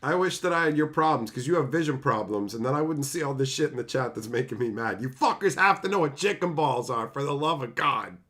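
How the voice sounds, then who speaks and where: A man's voice: mid-range voice, lively intonation, brisk, hardly any pauses, fairly bright tone. A man streaming live, reading chat and ranting at it in profane, exasperated bursts.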